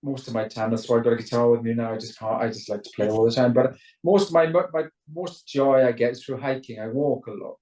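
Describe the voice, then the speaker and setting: A man's voice: medium pitch, quick pace, few pauses, mellow, echoey room, far from the mic, low-quality recording. A man with a Welsh accent, a rock singer chatting in a video call interview, rambling and restarting his sentences. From Wales. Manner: chatty, rambling, stammers into restarts, mimics voices.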